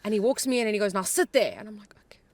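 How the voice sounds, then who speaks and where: A young woman, telling stories in casual chat in a car, lively and quick to act out what others said. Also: mid-range voice. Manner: lively, acts out quotes with laughter. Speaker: podcast co-host.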